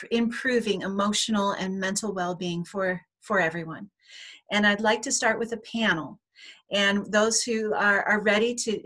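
A woman's voice: mid-range voice, a bit bright. A woman hosts an online panel over a video call. She talks in a hesitant way, often restarting her sentences. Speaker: summit host.

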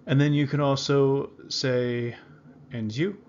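A man teaching beginners in an unhurried, patient way, repeating each phrase several times so learners can follow. His voice sits in a middle register. The recording sounds a little dull and lo-fi. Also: mid-range voice, steady tone, darkish tone, a little hiss or hum. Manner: slow, repeats words carefully for learners. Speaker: language teacher. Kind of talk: beginner language lesson.

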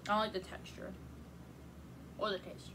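Female co-reviewer, mid pitch, candid and chatty, casual recording with faint background noise. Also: level tone, normal speed. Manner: chatty, says "like" a lot, candid. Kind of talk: casual snack review chat.

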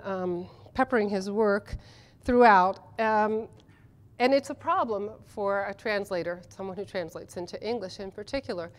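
A woman who translates literature, speaking at a conference panel in a chatty, enthusiastic way with many ums and restarts. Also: mid-range voice. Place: conference session room.

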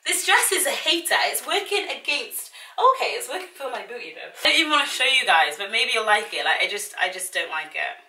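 Trying on clothes at home, this twenties vlogger keeps her haul chat casual, dramatic and exasperated, often poking fun at herself. Her voice is a little high and sing-song, brisk and sharp, with hardly any pauses. It's recorded from a distant mic in an echoey room.

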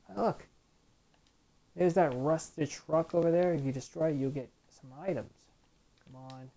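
A woman's voice: deep voice, a little slow, pauses often, warm tone. A woman hosting a let's play, giving chatty, rambling commentary and retelling scenes from the show. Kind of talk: casual gameplay commentary.

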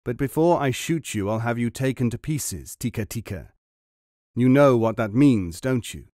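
Man doing a calm scary commander, slow and deliberate, dry close sound. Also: mid-range voice, dry recording, natural voice. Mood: menacing. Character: cold, commanding male resistance leader.

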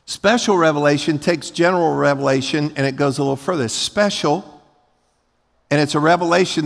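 A man preaching a sermon as pastor, moving from calm teaching to loud, fervent preaching. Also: medium pitch, vocal fry, big-room sound. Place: church sanctuary.

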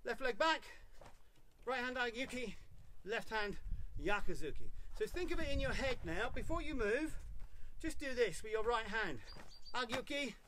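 A man teaching a live online karate class, calling counts and short commands between calm explanations. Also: very high voice, moderate pace, slight background noise. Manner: barks counts loudly, coaching in short commands. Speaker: karate instructor.

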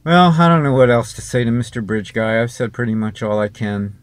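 Man, sarcastic, rambling, casual home vlog, average pitch, dry close mic. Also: animated, brisk, clean tone, dry recording. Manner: sarcastic, rambling, talks straight at an unseen viewer. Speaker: vlogger. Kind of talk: casual monologue to camera. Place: home, near a street.

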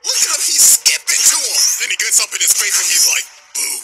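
A man hosting a reaction video, recapping anime with animated, slangy jokes. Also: high voice, quick pace, loud music behind the voice. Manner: animated, joking, lots of slang.

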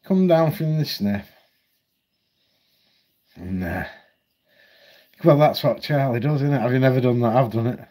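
A man's voice: mid-range voice, unhurried, long pauses, warm tone. A man ranting at home on his channel, blunt, heated and full of swearing. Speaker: vlogger. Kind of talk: ranting commentary.

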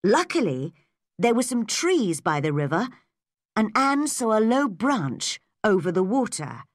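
Slow, lively woman narrating a story. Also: medium pitch, no room sound, studio quality. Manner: slow, clear, measured reading. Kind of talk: graded-reader story narration for learners.

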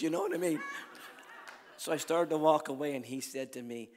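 An older man preaching at a crusade, telling folksy stories in a sermon that swings from soft talk to loud exhortation. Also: fairly high pitch, brisk, slight background noise. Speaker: evangelist preacher. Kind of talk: sermon with storytelling. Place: large church or arena at a crusade. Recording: long hall reverb.

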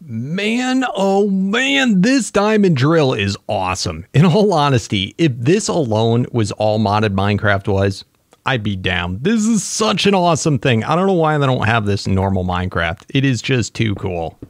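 An excitable man narrating his own gameplay in a casual let's-play, his voice swinging widely in pitch. There is a gravelly edge to his tone, and the recording is close and dry. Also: unhurried, dry recording. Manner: excitable, talks to himself while playing. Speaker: gaming channel host.

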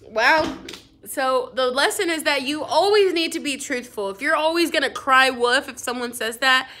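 A woman's voice: sits high, normal speed, bright, forceful tone, slight background noise. A young adult woman teacher reading a storybook aloud to her class, playful and full of asides.

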